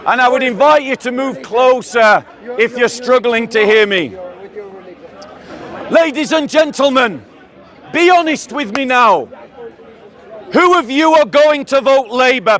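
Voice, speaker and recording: High-voiced English man orating outdoors. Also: lively intonation, takes it slowly, pauses often. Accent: southern English. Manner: declamatory, addresses crowd as ladies and gentlemen. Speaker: street preacher. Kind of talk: outdoor public speech. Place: outdoors, public square with crowd. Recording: crowd murmur outdoors.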